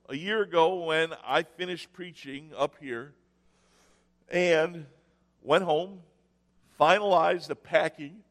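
A man preaching a sermon, telling stories with sarcastic mock cheer and dramatic pauses. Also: fairly high pitch, in a large hall. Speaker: pastor. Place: church sanctuary.

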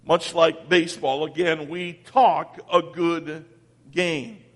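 A man preaching a sermon as pastor, swinging from loud calls down to near-whispers. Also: a little high, flat delivery, slow pace, big-room sound.

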